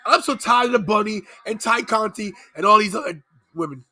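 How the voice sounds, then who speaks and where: A man hosting a live wrestling podcast, loud and playful, bursting into shouts and goofy sing-song bits. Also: sits high, fairly quick, dry recording. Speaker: podcast host. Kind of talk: live watch-along chat.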